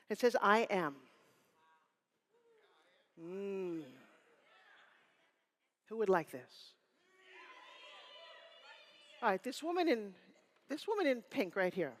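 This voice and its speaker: A woman in her fifties giving a live motivational keynote on stage, energetic and teasing, rallying the crowd with call-and-response. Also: a little high. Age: 50s. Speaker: motivational speaker. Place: stage before a live audience in a hall. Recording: room reverb.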